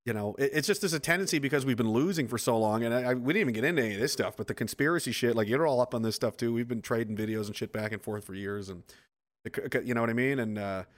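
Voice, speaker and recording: A man's voice: medium pitch, racing. Rambling, profane man on a podcast. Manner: rambling, profane, animated storytelling with acted quotes. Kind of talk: casual podcast chat.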